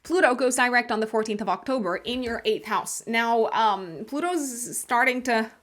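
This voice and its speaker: A woman's voice: a little high, normal speed, a bit bright. A woman hosting a monthly horoscope video, talking casually with many fillers and restarts and laughing at herself now and then. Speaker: astrologer host.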